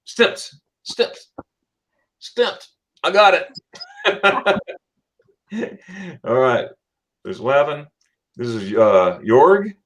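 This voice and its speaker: A man's voice: a little high, big pitch swings, extremely slow, long pauses, poor audio. A man hosting a casual live-stream chat, stammering over his words, repeating himself and laughing often. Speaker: channel host.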